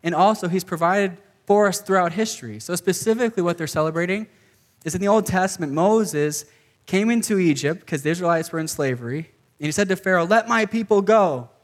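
A man with a notably high voice preaching to a gathered group. He talks in a loose, conversational way, often checking in with "okay" and slipping in "like" as he explains things. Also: fairly quick. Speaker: pastor. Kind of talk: casual sermon to a live group.

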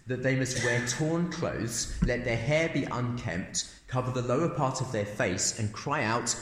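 A man preaching a sermon as pastor, emphatic and animated, with sudden jumps in pitch. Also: normal speed, few pauses. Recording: roomy church room echo.

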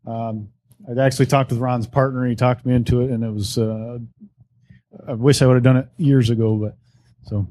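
Male attendee, hesitant casual testimonial, flat mellow delivery. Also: mid-range voice, brisk. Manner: hesitant, filler-heavy. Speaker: meeting attendee.

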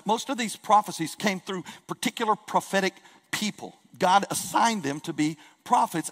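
A middle-aged man preaching a sermon, telling a story in an animated way and repeating words when he gets excited. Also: high-pitched. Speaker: pastor. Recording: long reverb of a church hall.

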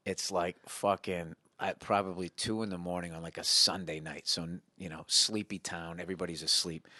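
A man who is a guest comedian, telling a profane anecdote in a casual, animated podcast chat. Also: deep voice, normal speed, no room sound.

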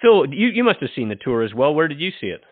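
A man's voice: a little high, big pitch swings, no room sound. Male host, conversational, dry telephone-quality audio. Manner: supportive, quick reactions and questions. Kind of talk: casual chat.

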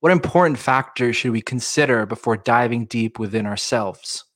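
A man's voice: mid-range voice, normal speed, fairly bright tone. A man hosting a casual podcast interview, reacting eagerly with short remarks. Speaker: podcast host.

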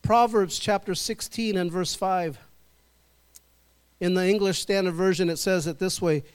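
A middle-aged male pastor preaching a sermon in church, drawing the congregation into call and response and slowing down to stress key words. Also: high voice, fairly even intonation, smooth.

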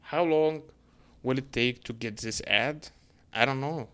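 A man's voice: mid-range voice, measured pace, fairly bright tone, clear, resonant tone. A man giving a casual, heated opinion rant as a vlogger answering comments, blunt and full of swearing.

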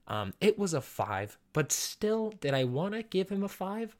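A man's voice: medium pitch, very animated, fairly quick, hardly any pauses. Rambling, profane young man telling stories. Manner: rambling, profane, self-deprecating, laughs often. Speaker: podcast host. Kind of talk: casual comic storytelling.

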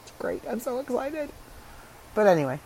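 A middle-aged woman podcaster in casual solo chat, chatty and frank, her voice rough and congested from allergies. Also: a little high, sing-song, normal speed, dark tone, slight background noise, rough recording.

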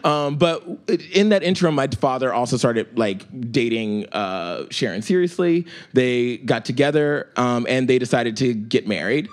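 A man's voice: animated, a little slow, hardly any pauses. A man in his twenties telling a comic story, profane and rambling, with many fillers. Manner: jumps up high for emphasis, drops low and quiet for quotes.

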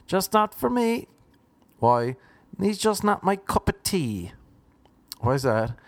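A Cork man puts on a petty, jealous Irish begrudger who sneers at anyone getting ahead. The voice jumps high and turns shrill and scornful, with a Cork accent. It sounds dry and close, with no room around it. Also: very animated, takes it slowly, no room sound, exaggerated voice. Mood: mocking.

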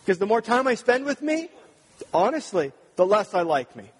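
A man's voice: sits high, big pitch swings, moderate pace, husky. A man preaching a sermon, earnest and talking to the congregation with rhetorical questions. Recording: long reverb of a large hall.

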